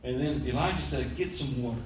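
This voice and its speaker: A man teaching a sermon in a relaxed storytelling way, acting out the lines he quotes. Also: mid-range voice, fairly quick, background noise. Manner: conversational storytelling, acts out quotes. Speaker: preacher. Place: church. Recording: distant mic, echoey church hall, dull.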